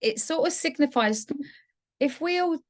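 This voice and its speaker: Her voice sits high, expressive and a little slow. She is a middle-aged English podcast co-host recounting a personal story in casual conversation, warm and sincere until it grows emotional.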